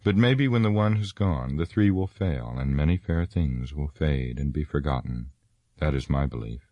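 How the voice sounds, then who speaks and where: A wise, ancient elf lord, as a deep-voiced man puts him on speaks in a grave, lofty and sorrowful tone, raised a little above the narration. The voice stays very low and the sound is dry. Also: normal speed, no echo, muffled recording.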